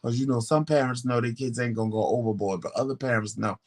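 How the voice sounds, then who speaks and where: A podcast co-host with a medium-pitched voice talks at a quick pace, telling stories in casual chat. He's animated and profane, acting out the voices of the people he quotes.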